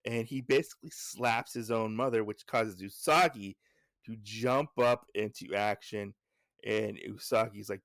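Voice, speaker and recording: A man's voice: lowish voice, moderate pace, gravelly, a bit bright, dry recording, clean studio sound. A man hosting a podcast, recapping a comic in a casual, rambling way with fillers and self-corrections. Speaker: podcast host.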